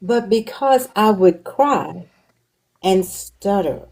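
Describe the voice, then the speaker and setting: A woman hosting a talk show, telling her own stories in a slow, reflective way. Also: mid-range voice, expressive, a little mellow, low-quality recording. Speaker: host. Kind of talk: casual conversation.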